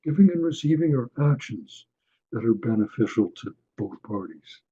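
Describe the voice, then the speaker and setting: A man giving a webinar lecture, unhurried, often checking in with his listeners. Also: mid-range voice, expressive, dark tone, husky, dull audio. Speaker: webinar presenter on attitudinal healing.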